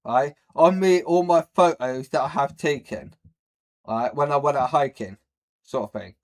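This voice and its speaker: A man's voice: on the high side, measured pace. A man hosting a reaction video, who rambles bluntly with many fillers and says he has a speech problem. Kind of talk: casual reaction commentary.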